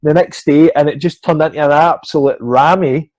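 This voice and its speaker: A Scottish man in middle age chats as a guest, telling a tale with real animation and acting out the other people's lines. His voice sits a little high with a mellow, soft edge. The recording is dry, with no room sound. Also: moderate pace, dry recording, muffled recording. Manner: animated anecdotes, swears freely, acts out quoted voices. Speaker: swimming coach, guest. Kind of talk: casual storytelling interview.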